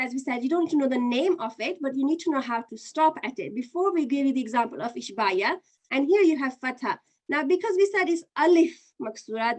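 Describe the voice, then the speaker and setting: A woman teaching an online Qur'an reading lesson, patiently explaining step by step and running a quiz. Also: sits high.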